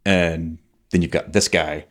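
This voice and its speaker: Man in his 40s, very low voice, loose rambling storyteller who swears a lot. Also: fairly even intonation, measured pace, fairly bright tone. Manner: rambling, leans on "like" fillers, swears freely. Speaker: podcast guest, military veteran. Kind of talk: casual conversational storytelling.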